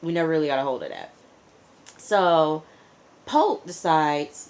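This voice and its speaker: This woman has a low, slightly mellow voice and an animated but unhurried delivery. Recapping a TV episode as a reviewer, she's chatty and loaded with fillers like "like" and "you know," and she talks back to the characters along the way.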